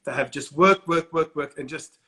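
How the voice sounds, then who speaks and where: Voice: medium pitch, normal speed, bright, forceful tone. A podcast host asking a long, supportive interview question. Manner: supportive, finishes the guest's sentences.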